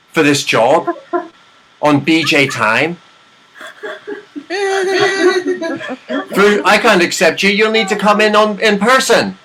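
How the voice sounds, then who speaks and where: A man's voice: sits high, voice pushed up, exaggerated voice, poor audio. A man voicing a brash male job recruiter from Beijing in a put-on Chinese accent, clipped and mock-formal, over a hissy video call. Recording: hissy online call audio.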